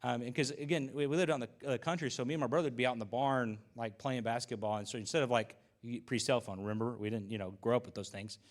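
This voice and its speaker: A man preaching a sermon in a loose, chatty way, with his voice at an everyday middle pitch. He drifts into stories and asides and leans on fillers, and the talk sounds unscripted and easygoing. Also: fast, few pauses. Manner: relaxed storytelling with fillers and asides. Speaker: pastor. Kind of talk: conversational sermon.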